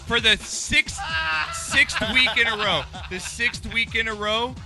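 A man hosting a casual sports talk show, excitable and bantering, laughing often. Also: very high voice, a little slow, music in the background.

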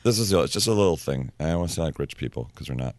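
A man in his fifties chatting as a radio show guest, joking in a dry deadpan way. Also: a bass voice, fast talker, no echo. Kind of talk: casual radio interview chat. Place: radio studio.

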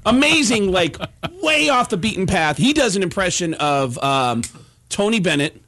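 A middle-aged man, a comedian, telling animated stories full of impressions in casual chat. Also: high-pitched, normal speed, a little hiss or hum. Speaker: comedian and podcast co-host.

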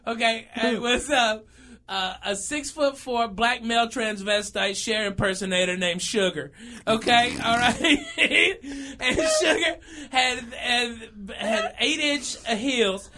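Animated high-voiced man telling funny stories. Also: slow pace, noisy background. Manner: animated, laughs through his lines, keeps saying okay and all right. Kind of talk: comic storytelling in casual chat.

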